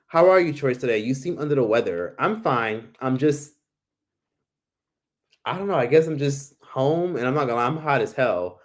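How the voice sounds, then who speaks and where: A man's voice: medium pitch, expressive, normal speed. A man hosting a casual live Q&A from home, rambling with lots of "like" and "literally" and acting out the people he quotes. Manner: rambling, fills talk with "like" and "literally"; acts out the voices of people he quotes. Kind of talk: casual livestream chat.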